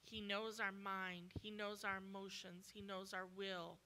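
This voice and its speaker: A woman's voice: mid-range voice, moderate pace, few pauses, pushed and bright. A woman guest preacher delivering a sermon with emphatic, repetitive exhortation.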